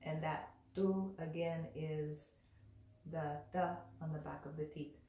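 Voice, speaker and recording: A woman teaching pronunciation, patiently repeating each syllable slowly and clearly. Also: low-pitched, fairly even intonation, warm tone. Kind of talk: slow, patient pronunciation lesson. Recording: roomy echo, voice a bit far from the mic.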